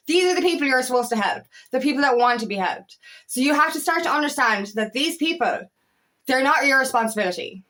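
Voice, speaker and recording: A woman talks straight to her audience as an empowerment coach. Her voice sits a little high. She is blunt and heated, swears freely and fills gaps with "you know.". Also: fairly bright tone. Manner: blunt and heated, swears often, frequent fillers. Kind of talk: casual motivational talk to camera.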